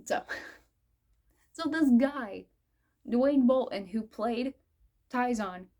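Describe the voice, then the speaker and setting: Giggly, excitable woman in her mid-twenties. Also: fairly high pitch, very slow. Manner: excitable and giggly, laughs often while recounting; fangirling, rambling with many "I'm like" asides. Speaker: vlogger. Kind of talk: casual storytelling vlog.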